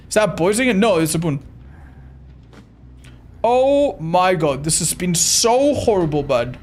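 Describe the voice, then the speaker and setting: A man's voice: high voice, animated, measured pace. Young male streamer, casual foul-mouthed play-by-play, noisy game audio behind. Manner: swears often, frustrated outbursts. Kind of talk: live gameplay commentary.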